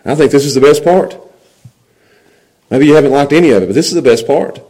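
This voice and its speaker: A man's voice: fairly high pitch, fast, poor audio. Pastor guy preaching, chatty, keeps asking the crowd if they're with him. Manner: animated, conversational, checks in with the audience. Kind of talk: sermon.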